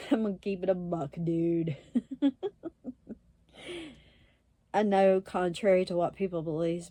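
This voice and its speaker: A woman's voice: fairly low pitch, warm tone, no room sound. A woman telling a story in a casual, blunt way, swearing and laughing often. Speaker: self-described witch and medium, vlogger.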